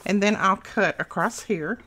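Speaking a little slowly in a mid-range, fairly bright voice, a woman runs a casual craft tutorial. She talks to viewers as she works and is slightly out of breath, in the chatty manner of a craft channel host.

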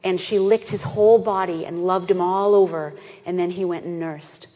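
A woman, founder of an animal sanctuary, giving an animated storytelling presentation and acting out the voices of people in her story. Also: on the low side, normal speed. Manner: animated, acts out quoted voices. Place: festival stage in a hall. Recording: reverberant lecture hall.

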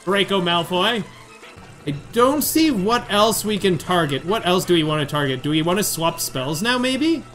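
Let's-play host, male, high bright voice, excitable and chatty, game music faint underneath. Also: normal speed. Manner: chatty, excitable, narrating his own moves. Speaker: gamer doing a playthrough. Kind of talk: casual let's-play commentary.

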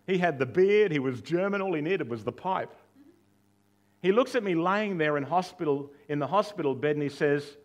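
A man's voice: on the high side, expressive, normal speed. A male pastor preaching a sermon in a conversational way, with rhetorical questions, touches of humor and quoted dialogue that he acts out.

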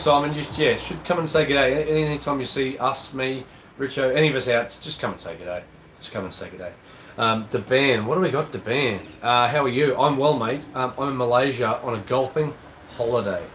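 A man's voice: mid-range voice, a bit bright. Aussie male host, casual rambling chat, nasal with a cold; echoey room, audible aircon hum. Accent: Australian. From Australia. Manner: casual, chatty, rambling with fillers. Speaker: golf channel host. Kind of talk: live-stream chat reading viewer comments.

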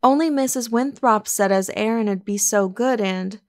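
A woman voicing a bright, playful young woman, an affectionate daughter, with a lively, coaxing manner in an audiobook reading. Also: fairly high pitch, normal speed, close to an everyday voice.

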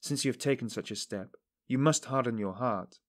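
An earnest middle-aged investigator, read by a man, presses and pleads with a suspect, fervent and preachy. The voice sits in a mid range and often lifts higher and louder as he urges. It is audiobook narration. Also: moderate pace, natural voice.

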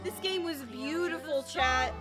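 A woman streamer giving excitable live gameplay commentary, exclaiming and swearing freely. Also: high-pitched, a little slow. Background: game music.

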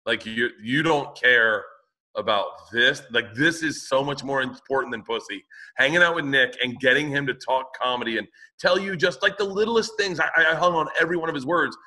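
A man's voice: medium pitch, bright, forceful tone. A male comedian co-hosting a podcast, telling blunt stories in casual chat. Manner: blunt storyteller, swears.

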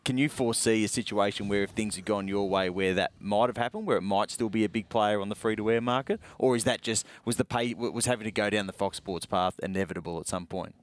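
An Australian man co-hosting a casual podcast, asking long questions and giving quick agreement. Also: lowish voice. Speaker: podcast co-host.

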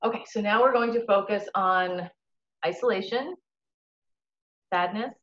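A woman's voice: medium pitch, slight background noise. Woman guiding tapping on a roomy call. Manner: slow, calm call-and-repeat guidance, naming tapping points. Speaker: EFT tapping coach. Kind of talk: guided tapping session on a live call. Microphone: call recording. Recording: dull, roomy lo-fi call audio.

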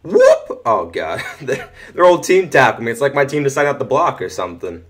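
A man's voice: medium pitch, quick pace. Chatty young guy narrating his game. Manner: chatty, easily excited, mutters to himself. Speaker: gaming commentator. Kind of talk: casual gameplay commentary. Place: home room.

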